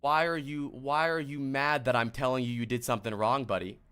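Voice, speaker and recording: A man's voice: mid-range voice, steady tone, brisk, a bit bright, clean tone. A young man streaming as a game coach, talking casually in an exasperated, rambling way, with lots of swearing and restarts.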